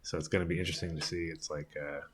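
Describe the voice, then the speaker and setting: A man chatting casually on a panel, relaxed and rambling, with plenty of fillers. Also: extremely low pitch, very fast, a little hiss or hum. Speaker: panel guest. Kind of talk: casual chat. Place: social club at a trade fair.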